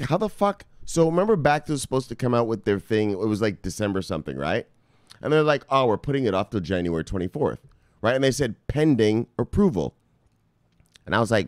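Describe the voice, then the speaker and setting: A man hosting a casual crypto vlog, talking loosely and with profanity, shouting "bang" as a catchphrase. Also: mid-range voice, clear, resonant tone, dry recording, clean studio sound. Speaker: crypto news host. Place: home studio in South Beach.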